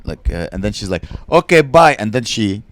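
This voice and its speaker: A young adult man, a stand-up comedian hosting a podcast, telling profane stories in an animated, brash way. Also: fairly low pitch, a little fast, a little hiss or hum. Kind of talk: casual storytelling chat.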